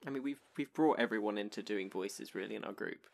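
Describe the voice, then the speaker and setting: A man, a guest on a podcast, chatting in a relaxed way with fillers and small laughs. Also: fairly low pitch, a little fast, gravelly. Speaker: podcast guest and fellow player. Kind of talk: casual podcast chat.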